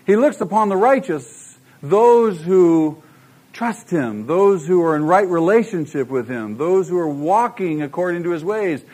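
A man's voice: sits high, expressive, a little slow, a little mellow. A middle-aged man preaching a sermon, emphatic and full of rhetorical questions to the congregation. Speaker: pastor.

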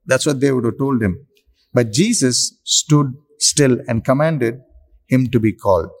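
A man preaching a sermon, slow and emphatic, with long pauses for effect. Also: medium pitch.

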